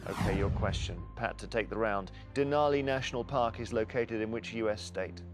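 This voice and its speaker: Man hosting a quiz, faint music. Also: fairly low pitch. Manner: measured, reads questions clearly. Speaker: quiz host.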